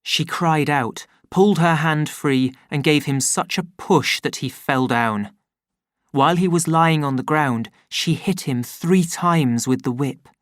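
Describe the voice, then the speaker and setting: Audiobook narrator, slow and measured, middle pitch, dry close read. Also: dry recording. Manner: slow, measured, plain storytelling. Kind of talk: scripted narration.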